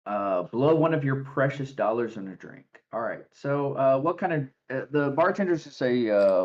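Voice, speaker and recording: Man running a tabletop game, halting. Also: medium pitch, highs cut off. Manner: relaxed, halting, many fillers. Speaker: game master.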